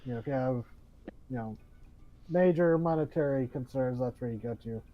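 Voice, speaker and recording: A man's voice: medium pitch, normal speed. A man narrating as game master of a tabletop game, rambling with many fillers and restarts. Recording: dull lo-fi audio.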